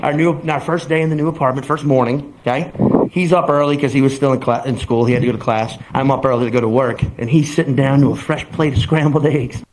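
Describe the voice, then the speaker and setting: A young man doing stand-up, telling an animated story and laughing through it. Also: mid-range voice, fast talker. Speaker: stand-up comedian. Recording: roomy stage sound with background noise.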